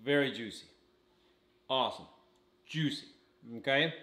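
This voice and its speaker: This home cooking vlog host speaks in a mid-range voice, unhurried, with a bright, forceful tone. He chats while eating his food review, sticking "okay?" onto his sentences, all in a roomy, echoing space.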